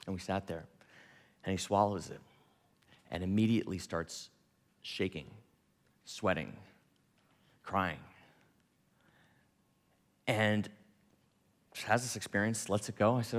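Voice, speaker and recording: A man giving a storytelling talk, animated and laughing, quoting people in dialogue. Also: fairly low pitch, moderate pace, pauses often, big-room sound. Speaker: speaker.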